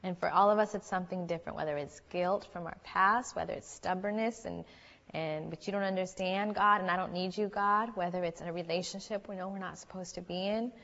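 A woman's voice: on the low side, in a large hall, lo-fi sound. A woman giving an earnest, chatty sermon to young people, telling stories as she goes. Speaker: youth speaker.

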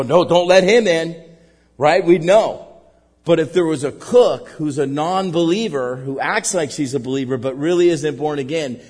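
Animated preaching man, reverberant hall. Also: medium pitch. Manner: animated preaching, acts out little scenes, many "right?" and "man". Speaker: pastor. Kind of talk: sermon.

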